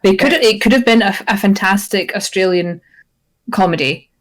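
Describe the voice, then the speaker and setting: A woman co-hosting a podcast, explaining points quickly with frequent restarts. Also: medium pitch. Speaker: podcast co-host. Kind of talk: casual chat, film review.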